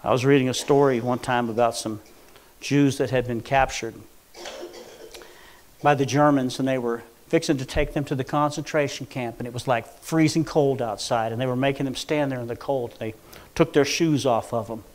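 A man preaching a Pentecostal sermon in church, swinging from hushed storytelling to fervent shouting. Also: medium pitch, steady tone, normal speed.

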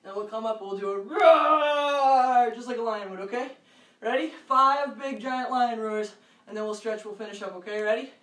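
A woman with a fairly high voice leads children through an exercise session, encouraging them and calling out counts, with loud bursts now and then. She stands back from the microphone in a roomy space at home, so her voice echoes. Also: a little fast, recorded from a distance. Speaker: fitness coach for kids. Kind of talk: leading a live kids' workout. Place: room at home. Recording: echoey room, voice off-mic.

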